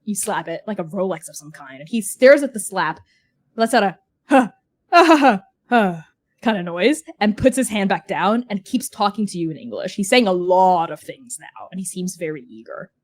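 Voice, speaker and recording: A woman's voice: on the low side, lively intonation, fairly quick. A woman narrating as game master of a livestreamed tabletop game, chatty with many fillers.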